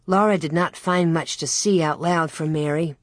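A woman reading a classic children's story aloud in a steady, unhurried narration. Her voice sits low and a little husky, recorded close and dry with no room around it. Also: dry recording. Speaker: audiobook narrator. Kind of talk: scripted narration of a children's novel.

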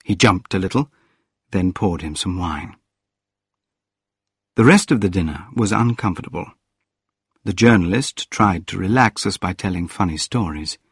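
A man reading a story aloud in a calm, measured narration. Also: low voice, husky, no room sound, clean studio sound. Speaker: audiobook narrator. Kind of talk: scripted narration.

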